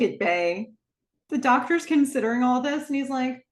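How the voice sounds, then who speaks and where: A woman hosting a podcast, retelling a TV episode scene by scene in a lively, laughing way. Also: high voice, slow, pauses often. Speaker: podcast host. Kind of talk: casual episode recap. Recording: roomy echo.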